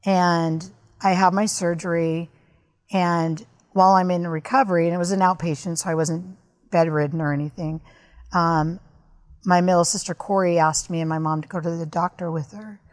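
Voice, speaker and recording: A woman's voice: fairly low pitch, steady tone, moderate pace. Candid woman guest telling her story. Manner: candid, earnest, recounting events at length. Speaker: podcast guest. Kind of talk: personal storytelling in conversation.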